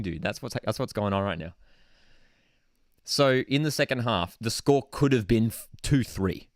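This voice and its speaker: A young Australian man hosting a live football watchalong, excitable and prone to saying "dude", swinging between shouting and muttering. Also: lowish voice, normal speed, no room sound, clean studio sound. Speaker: football channel host. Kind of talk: live match watchalong commentary.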